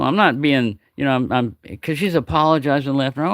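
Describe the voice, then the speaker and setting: A man's voice: medium pitch, fast, no echo, studio quality. A retired man in his sixties or older, chatting casually on a live stream, telling stories with lots of restarts and putting on the voices of people he quotes. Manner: chatty, repeats words, acts out quoted voices. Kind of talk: casual rambling storytelling.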